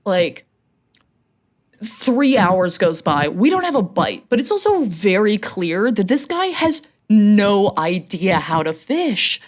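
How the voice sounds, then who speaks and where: A young adult woman co-hosting a podcast, telling a comedic story in a casual, animated way and laughing as she goes. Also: medium pitch, slow pace. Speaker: podcast co-host.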